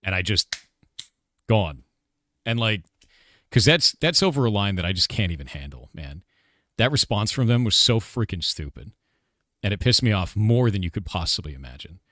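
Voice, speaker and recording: A man's voice: on the low side, very animated, moderate pace, long pauses, bright, forceful tone, dry recording, studio quality. A game developer in his forties, chatting casually on a live stream, ranting and swearing with lots of "like" and "dude". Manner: ranting, profane, repeats "like" and "dude".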